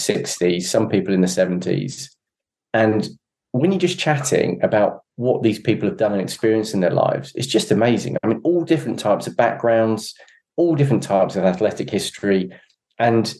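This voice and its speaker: A man sits in on a podcast as a guest, his voice on the low side. He talks earnestly and reflectively, often pausing and restarting as he searches for the right words. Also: warm tone. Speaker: podcast guest, endurance cyclist. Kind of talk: casual conversation.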